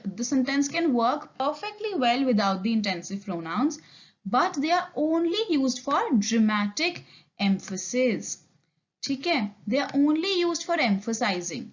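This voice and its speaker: A young woman with an Indian accent teaching an English grammar lecture, explaining step by step and checking in with "okay?". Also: high voice. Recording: dull lo-fi recording.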